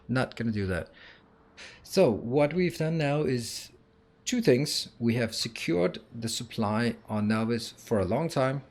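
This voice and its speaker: A man's voice: medium pitch, a little mellow. A man giving casual gameplay commentary, thinking aloud with fillers and restarts as he walks through changes. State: has the hiccups. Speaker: gaming YouTuber.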